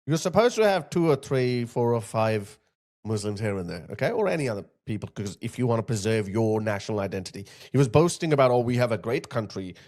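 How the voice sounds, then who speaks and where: A man's voice: mid-range voice, big pitch swings, brisk, a little mellow. A man giving heated commentary over video clips, indignant and firing off repeated rhetorical questions. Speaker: online political commentator.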